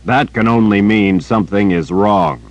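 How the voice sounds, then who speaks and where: A man reading an audiobook, voicing a big, gruff male warrior who speaks stern yet teasing to a child. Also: fairly low pitch, normal speed, no room sound, lo-fi sound, lightly acted.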